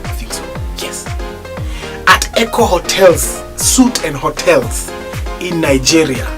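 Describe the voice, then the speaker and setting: A gospel singer from East Africa, a man, telling stories animatedly in an interview, bursting into loud exclaims when excited. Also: on the high side, slow pace, music in the background.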